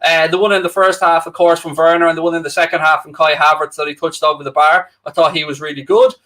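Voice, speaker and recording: A young Irish man co-hosting a live football watchalong, talking straight to his viewers in a loose, joking way. His voice sits high and sounds bright and forward. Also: flat delivery, quick pace. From Ireland. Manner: chatty, jokey, addresses viewers directly. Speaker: co-host of a football watchalong livestream. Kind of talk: casual livestream chat reading out viewer comments.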